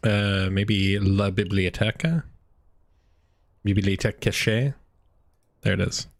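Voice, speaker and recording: A man's voice: fairly low pitch, fairly even intonation, takes it slowly, gravelly. A man giving off-hand, joking let's play commentary over game music. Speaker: game streamer.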